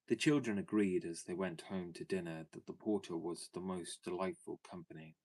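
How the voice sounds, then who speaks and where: A man narrating a classic children's storybook in a measured, clear way. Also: low-pitched, a little mellow. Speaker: audiobook narrator.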